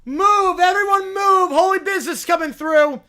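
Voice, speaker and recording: A man's voice: extremely high pitch, moderate pace, bright, forceful tone, voice pushed up. A man voicing a self-righteous male preacher of a silly pizza religion who shrieks and rants in constant indignation. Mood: ranting outrage.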